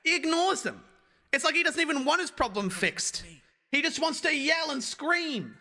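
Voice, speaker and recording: A young man streaming a stand-up set, telling an animated story and breaking off for asides to his chat. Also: very high-pitched, moderate pace.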